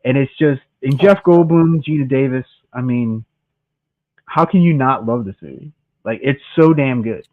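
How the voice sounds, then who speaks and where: A man's voice: medium pitch, moderate pace. A man co-hosting a casual live film chat, enthusiastic but stumbling over repeated words. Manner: enthusiastic, stammering repetitions. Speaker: co-host. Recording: dry tinny call audio.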